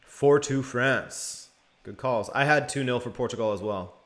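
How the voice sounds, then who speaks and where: A young man hosts a live watch-along stream of a match, calling the play in a relaxed way and answering chat along the way. His voice is medium-pitched and his pace measured.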